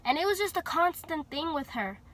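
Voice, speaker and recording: A woman's voice: high-pitched, sing-song, fairly quick, fairly bright tone. A young woman from Texas telling a personal story in a chatty way, full of fillers and acted-out dialogue. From Houston, Texas. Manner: chatty, many fillers, acts out quoted dialogue. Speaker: vlogger telling her story. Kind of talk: casual storytelling.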